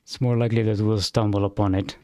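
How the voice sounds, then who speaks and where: A man's voice: lowish voice, flat delivery, quick pace, dark tone, no echo. A man streaming a video game, thinking aloud in a hesitant, rambling way. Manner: rambling, hesitant, self-correcting. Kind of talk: thinking aloud while playing.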